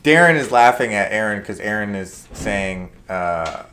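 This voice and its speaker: A young man co-hosts a casual talk show, winding through a story about a coworker. He rambles, fills gaps with "like" and "right?", and puts on quick voices for the people in his story. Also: lowish voice, expressive, very noisy. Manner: rambling, with many fillers and acted-out quotes. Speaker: podcast co-host.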